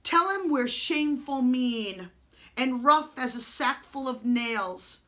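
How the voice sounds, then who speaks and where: A woman voicing a big, boastful male outlaw who talks in loud, rough, rustic speech. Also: sits high, animated, slow pace, exaggerated voice. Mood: menacing.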